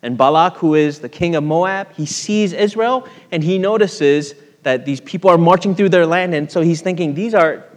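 A man's voice: fairly high pitch, normal speed, hardly any pauses. A male pastor preaching a sermon in a conversational, storytelling way, often asking his listeners questions. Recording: long hall reverb.

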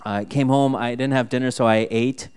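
A man's voice: medium pitch, fairly even intonation, moderate pace, a little mellow, smooth. A man preaching a sermon, telling a personal story with lots of "right?" and building to exasperated outbursts. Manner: frequent fillers and tag "right?". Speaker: pastor.

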